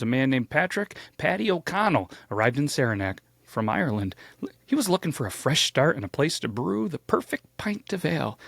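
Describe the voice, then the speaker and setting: A man's voice: mid-range voice, no echo. A man hosting a casual storytelling show, playful and jokey, with big swoops of emphasis. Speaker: host.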